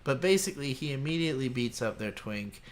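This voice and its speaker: A man talks through an anime episode on a podcast, joking crudely and wandering from thought to thought. His voice sits at an average pitch, with a faint hiss of noise in the recording. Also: lively intonation, brisk. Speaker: podcast co-host. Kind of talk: casual anime discussion.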